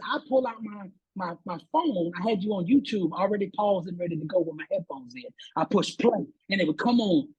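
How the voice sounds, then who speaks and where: A man with an unusually smooth, resonant voice, telling a motivational story in an animated, preachy way. He swings his pitch up when he gets fired up and often doubles his words. He speaks like a guest on a talk show, building toward a lesson. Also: low-quality recording.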